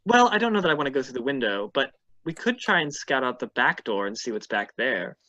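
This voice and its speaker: Lively player on a slightly dull mic. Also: medium pitch, fairly quick, dry recording. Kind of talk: tabletop role-play.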